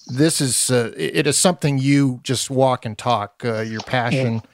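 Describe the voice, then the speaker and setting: A man hosting an interview, asking about a book's chapters with many restarts. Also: mid-range voice. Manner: halting, restarting phrases. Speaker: interviewer host. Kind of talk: interview questions.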